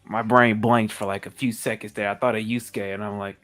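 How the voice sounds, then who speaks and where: A man's voice: fairly low pitch, level tone, a little fast, fairly bright tone. A man playing in a tabletop game who talks in a rambling, awkward, hesitant way. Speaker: player. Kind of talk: tabletop role-play. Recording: faint background music.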